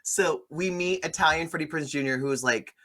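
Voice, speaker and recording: Bright-voiced sarcastic man recapping a film. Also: a little high, brisk. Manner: sarcastic, animated storytelling with swearing. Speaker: podcast host reviewing a movie. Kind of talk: casual chat.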